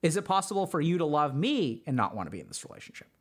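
At a quick pace, a man whose voice sits on the high side swings his pitch widely. Hosting a podcast as a mental health doctor, he offers casual relationship advice in an earnest, conversational style full of fillers.

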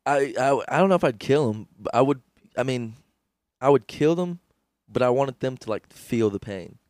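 A man in a casual podcast chat, laid-back and quick to swear. His mid-pitched voice rises and falls a lot. He is close on a podcast mic in a dry room. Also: animated, darkish tone, no echo. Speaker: podcast co-host. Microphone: studio podcast mic.

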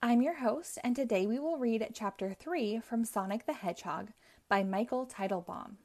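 A woman's voice: on the high side, moderate pace. Woman reading a children's story aloud. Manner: clear, even storytelling. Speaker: host. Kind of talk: children's book read-aloud.

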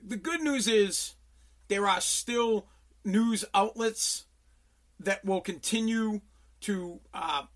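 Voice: mid-range voice, a bit bright. Fuming, foul-mouthed podcast host ranting. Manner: profane, heated, repeats phrases for emphasis; stammers and restarts when worked up. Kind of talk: angry political rant.

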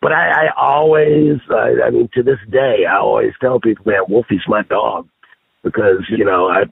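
A man on a podcast telling stories in a casual, profane, animated way. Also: medium pitch, normal speed, creaky, breathy edge, no room sound. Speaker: podcast guest. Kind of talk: casual storytelling chat. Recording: tinny phone-line sound.

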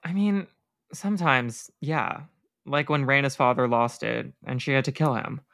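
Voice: medium pitch, moderate pace, gravelly, a bit bright, no room sound, clean studio sound. A podcast reader voicing a hurt, guarded teenage boy demigod while reading a novel aloud. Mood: upset.

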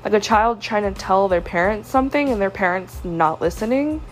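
A young woman talks through a painful personal story on her podcast. Her voice is hurt and frustrated as she confides in the listener. Her pitch sits mid-range, with soft music faintly underneath. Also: normal speed. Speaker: podcast host. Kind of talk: personal venting monologue.

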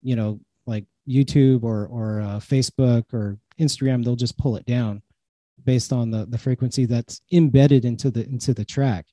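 A podcast guest with a very dark, mellow tone explains his views in an earnest, halting way. He speaks at a middle pitch for a man. The recording is close and dry. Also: fairly even intonation, no echo. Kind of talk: casual conversation.

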